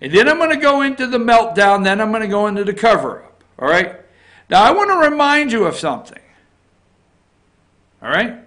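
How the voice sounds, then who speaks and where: A man with a notably high voice hosts a morning opinion show. He delivers political commentary in an emphatic, insistent way. He repeats phrases for emphasis and keeps checking in with his audience. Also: very animated, a little fast, pauses often, fairly bright tone. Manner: emphatic, keeps checking in with "okay?" and "all right?".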